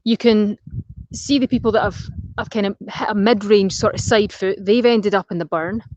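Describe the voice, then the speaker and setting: A woman's voice: mid-range voice, fairly even intonation, normal speed, a little mellow, a little hiss or hum. A woman commentating live outdoors on a golf course, chatty and jokey as she banters with players. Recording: dull lo-fi outdoor recording.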